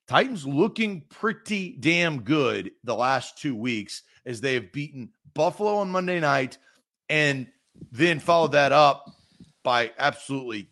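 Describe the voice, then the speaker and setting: A man hosting a live-streamed sports talk show, chatting casually and rattling off viewer comments rapid-fire. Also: medium pitch, fairly bright tone.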